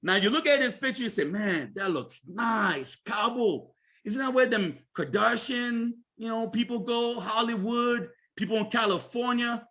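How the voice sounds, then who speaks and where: A man giving an energetic, chatty sales presentation on a livestream, repeating himself and asking listeners questions. He speaks with a Canadian accent. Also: extremely high pitch, normal speed, hardly any pauses.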